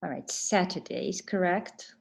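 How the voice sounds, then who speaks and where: A woman teacher trainer giving an online webinar lesson, explaining patiently and pausing to read answers from the chat. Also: fairly low pitch, creaky.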